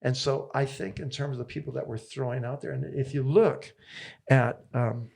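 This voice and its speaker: A man's voice: mid-range voice, steady tone, moderate pace, gravelly, a little mellow, husky. A man, a tennis coach telling stories in an interview with enthusiastic, repetitive rallying phrases. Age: 70s. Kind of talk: interview guest storytelling.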